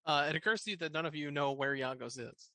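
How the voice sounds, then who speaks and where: Male dungeon master, bright dry voice, laid-back narration full of fillers. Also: a little high, quick pace, no echo. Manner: relaxed, hesitant with fillers. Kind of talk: narrating a tabletop game.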